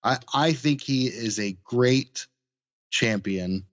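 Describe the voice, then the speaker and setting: A man's voice: mid-range voice, slow pace, no room sound, muffled recording. A man co-hosting a podcast, recapping in a laid-back, chuckling way. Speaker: podcast co-host. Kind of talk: casual chat.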